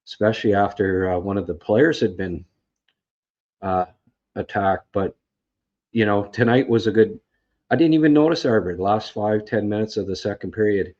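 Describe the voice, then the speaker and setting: A man with a fairly low voice hosts a casual recap on a livestream. He rambles, sounds frustrated, and keeps restarting his sentences around fillers. The sound is dull and lo-fi. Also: moderate pace, darkish tone. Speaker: podcast host.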